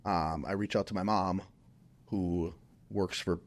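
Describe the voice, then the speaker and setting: A man from Minnesota with a low, deep voice tells a story on a podcast. He talks casually and loosely, doubling back, restarting sentences and filling gaps with ums. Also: fairly even intonation, measured pace. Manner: rambling, many restarts and fillers. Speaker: podcast guest.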